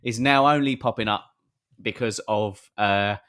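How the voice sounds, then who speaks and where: A man's voice: fairly low pitch, measured pace, fairly bright tone, clean tone. A man co-hosting a casual podcast. He rambles and hesitates with many ums and uhs. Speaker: podcast co-host. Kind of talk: casual chat. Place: live-streamed podcast.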